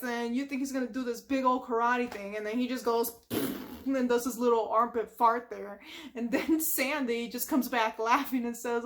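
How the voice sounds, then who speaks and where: A woman's voice: a little high, steady tone, moderate pace. A woman casually retelling a cartoon episode from memory, chatty, with lots of "like" and sound effects. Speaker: storyteller.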